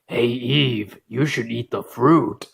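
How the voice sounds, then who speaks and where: Guy playing a low-key, coaxing snake tempter, slightly lower and softer, comic storybook. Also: slow pace, creaky, husky, exaggerated voice. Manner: laid-back, persuasive, slangy. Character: smooth-talking slangy male serpent tempter.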